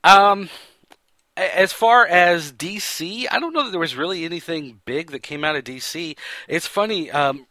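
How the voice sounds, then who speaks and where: A man's voice: a little high, bright, forceful tone, no echo. A man hosting a pop-culture show, giving a casual, rambling recap full of fillers and self-corrections. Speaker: podcast host.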